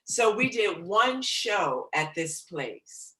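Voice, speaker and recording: Woman, jazz vocalist guest, animated raconteur, mid pitch, echoey room. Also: slow pace. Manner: animated, theatrical storyteller who acts out quotes. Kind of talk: casual storytelling interview. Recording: roomy echo.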